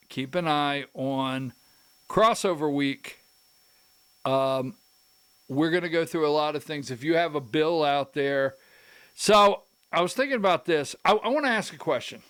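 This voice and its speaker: A man with a slightly high, somewhat bright, clean-toned voice hosts a political commentary show. He rambles, interrupts his own sentences, and throws in emphatic asides.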